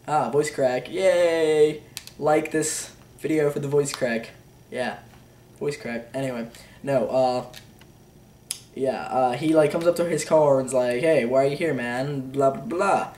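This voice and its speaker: A man's voice: on the high side, a little slow, darkish tone, far from the mic, a little hiss or hum. Rambling teenage boy in an echoey room. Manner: rambling, unsure, filler-heavy, offhand "blah, blah". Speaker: amateur movie reviewer. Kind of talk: rambling casual movie review. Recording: roomy echo, a bit off-mic.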